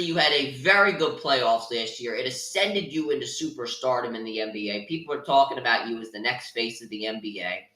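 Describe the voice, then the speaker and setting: Opinionated young man, bright and roomy. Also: mid-range voice, animated, brisk, hardly any pauses. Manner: opinionated, many filler ums and restarts. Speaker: podcast host. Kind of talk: casual sports talk. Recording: roomy echo.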